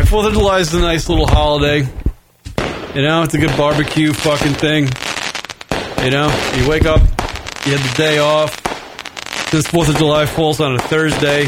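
A man's voice: on the high side, background noise. A young man hosting a podcast from his apartment, rambling and swearing in a loose, slightly tipsy solo rant. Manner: rambling, profane, self-mocking, loose from beer. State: a bit tipsy. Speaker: podcast host. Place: home studio in his apartment.

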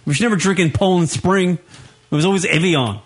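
A man's voice: sits high, a little fast. A man hosting a casual talk show, rambling with enthusiasm through recommendations. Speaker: host. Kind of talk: casual chat.

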